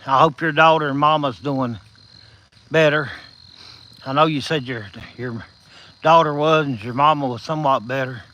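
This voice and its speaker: Speaking at normal speed with long pauses, this man has a fairly high, steady, bright and forceful voice, though the highs are cut off. He's a Southern livestream host out walking at night among insects, folksy and encouraging, naming his viewers, slightly winded and slurring for lack of top teeth.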